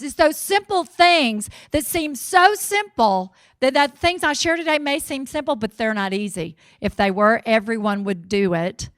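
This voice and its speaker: High-voiced Southern woman, lively speaker. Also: dry recording. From Mississippi, US. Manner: energetic, folksy, cheering the crowd on. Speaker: motivational speaker. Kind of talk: keynote speech to a live audience.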